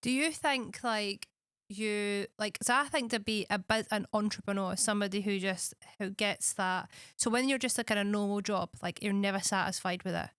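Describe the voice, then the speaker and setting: Clear-voiced woman asking questions. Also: mid-range voice, fairly even intonation, normal speed, a bit bright, dry recording, clean studio sound. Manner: earnest, searching questions with many fillers. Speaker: social media coach interviewing. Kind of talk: casual interview chat.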